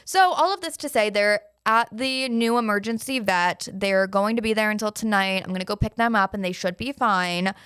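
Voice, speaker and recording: A woman's voice: medium pitch, no room sound. Young woman podcaster going off on a story, lots of swearing, dead dry close mic. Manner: animated storytelling, swears freely, acts out panicked quotes. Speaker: podcast host. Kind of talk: casual solo podcast monologue.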